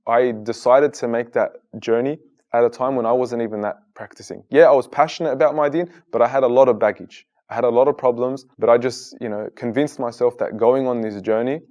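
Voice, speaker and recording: Man in his 30s, interview guest, earnest, chatty storytelling, mid pitch. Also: steady tone, fairly quick, few pauses, darkish tone. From Australia. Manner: earnest, conversational, many "like" fillers.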